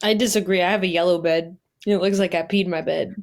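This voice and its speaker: A woman's voice: lowish voice, steady tone, a little fast, vocal fry, darkish tone. A young woman co-hosting a casual podcast, ranting playfully and laughing often. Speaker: podcast co-host. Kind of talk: casual chat.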